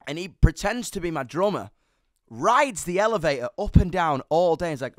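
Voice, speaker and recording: Animated, sweary young Englishman. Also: fairly high pitch, no room sound, studio quality. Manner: fast, animated, sweary storytelling. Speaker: musician guest. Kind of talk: candid storytelling chat.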